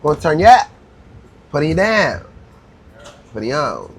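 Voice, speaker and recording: A man co-hosting a podcast, chatting casually over a restaurant meal with loud, playful, slangy banter. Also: on the high side, huge pitch swings, moderate pace, husky. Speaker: podcast co-host. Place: busy restaurant. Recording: noisy restaurant crowd. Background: restaurant chatter and clinking dishes.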